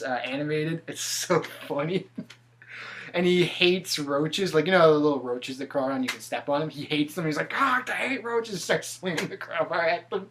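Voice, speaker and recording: A man's voice: on the high side, slight background noise. A man hosting a podcast in casual chat. He often laughs and halts with fillers. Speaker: podcast host.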